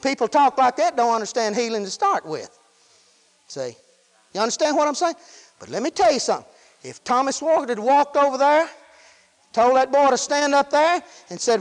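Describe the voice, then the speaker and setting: A man's voice: extremely high pitch, very animated, moderate pace. A man preaching a sermon in a folksy, repetitive style, with frequent praise interjections. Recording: hall with long reverb.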